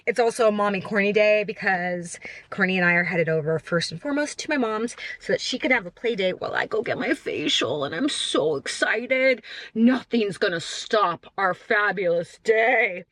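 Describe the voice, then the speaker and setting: A woman's voice: mid-range voice, expressive, normal speed, fairly bright tone, no room sound. A woman in her thirties chatting casually to her phone camera from a parked car, rambling and poking fun at herself. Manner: chatty, self-mocking, rambling with fillers. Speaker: vlogger. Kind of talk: casual vlog chat to camera.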